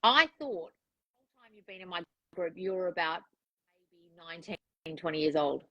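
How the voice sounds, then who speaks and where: A woman's voice: fairly low pitch, lively intonation, normal speed, bright, forceful tone, dry recording, muffled recording. A woman coaching a client one-on-one, frank and direct, giving instructions and acting out the thoughts she wants the client to have. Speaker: relationship and manifestation coach.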